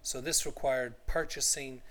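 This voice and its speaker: A man's voice: medium pitch, steady tone, a little slow, a bit bright, a little hiss or hum. A man teaching an English class to adult learners, patient and repetitive, checking in often with the students. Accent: native English. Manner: patient, repeats phrases, checks understanding with "okay?".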